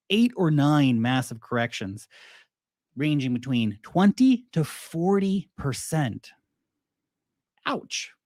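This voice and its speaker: Australian man, crypto show host, animated, joking, mid pitch, dry close mic. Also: no room sound. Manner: animated, joking, mocks investors in put-on voices. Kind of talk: casual market commentary.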